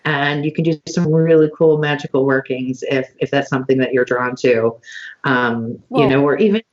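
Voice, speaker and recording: A woman hosting a casual online conversation, listing items slowly with many fillers over a video call. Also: very deep voice, dull audio. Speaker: podcast host.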